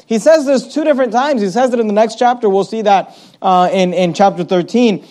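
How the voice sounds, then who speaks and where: High-voiced preacher man, casual delivery. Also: mellow. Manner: conversational, with many fillers and restarts; reads scripture slowly and paraphrases it in everyday speech. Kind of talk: expository Bible sermon.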